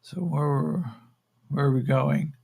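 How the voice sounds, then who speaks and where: A man's voice: medium pitch, sing-song, takes it slowly, vocal fry, warm tone, breathy edge, voice pushed up, exaggerated voice. A man voicing a naive, meek young human juicer who talks hesitantly and eagerly. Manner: hesitant, eager to please, trailing ums.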